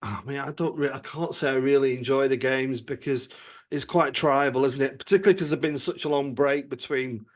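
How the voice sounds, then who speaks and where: A man's voice: mid-range voice, fairly quick. A man hosting a podcast, asking friendly, teasing interview questions. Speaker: podcast host, priest. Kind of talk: casual interview.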